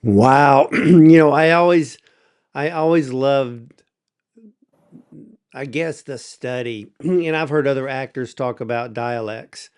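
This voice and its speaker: A man from the United States hosts an interview at an easy, chatty pace. His voice is smooth and resonant at a middle pitch. He often clears his throat between thoughts. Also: takes it slowly, a little mellow. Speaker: interview host. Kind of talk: conversational interview.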